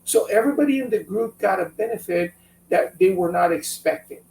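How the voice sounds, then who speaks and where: Guy with high gravelly voice telling a story, sounds a bit far off the mic, faint hum behind. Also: brisk, roomy sound. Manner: animated, acts out quotes from friends. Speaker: business owner guest. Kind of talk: conversational interview storytelling.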